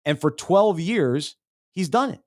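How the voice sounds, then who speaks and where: A man's voice: a little high, lively intonation, a little slow, a little mellow, dry recording, studio quality. A middle-aged man co-hosting a faith-based podcast, talking earnestly and often restarting his words. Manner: earnest, self-interrupting, repeats words. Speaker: podcast co-host. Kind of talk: casual faith-based chat.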